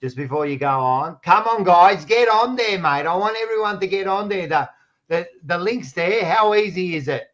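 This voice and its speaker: A man's voice: high voice, lively intonation, normal speed, fairly bright tone, muffled recording. A man hosting a casual footy podcast, rowdy and egging on the live chat. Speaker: podcast host.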